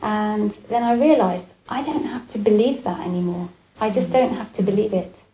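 A woman giving a Buddhist dharma talk, gentle and reflective, with frequent pauses and fillers. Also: medium pitch. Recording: echoey room with faint ambience.

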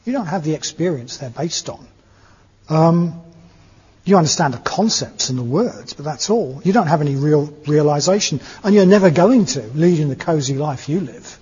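A man's voice: a little high, lively intonation, normal speed, mellow, slightly rough. A man putting on a scolding old hag. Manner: scolding, blunt, demanding. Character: ugly old hag, a scolding female spirit. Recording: echoey hall, dull lo-fi sound.

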